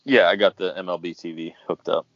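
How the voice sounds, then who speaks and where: Low-voiced man, rambling casual chat. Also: steady tone, brisk, a bit bright, no room sound. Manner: rambling, self-mocking, laughs often. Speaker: podcast co-host. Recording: dull lo-fi dry recording.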